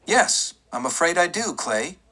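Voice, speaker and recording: A man voicing an aging frontier sheriff who speaks gruff and plain. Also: a little high, very animated, unhurried, sharp tone, voice pushed up, heavily acted. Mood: firm.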